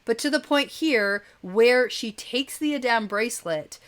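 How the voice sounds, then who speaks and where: A woman co-hosting a podcast, chatting casually about a book with quick bursts of speech and frequent laughs. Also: fairly high pitch, lively intonation. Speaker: podcast co-host.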